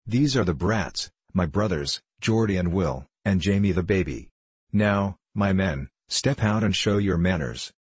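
A man's voice: low-pitched, a little slow, slightly rough, dry recording. A man voicing a bold, cheerful teenage boy who leads his cousins, in a storybook reading. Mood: hearty.

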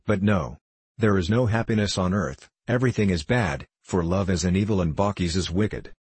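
A man's voice: low voice, moderate pace, a little mellow, husky, no echo. A man voicing a lovesick young king who speaks in an anguished, pleading way.

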